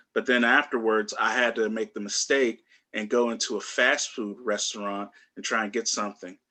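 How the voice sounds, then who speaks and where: Male stand-up comic with a bright, forward tone, rambling and full of fillers, on a video call. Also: lowish voice. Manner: loose, rambling delivery with many fillers and restarts. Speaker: stand-up comedian.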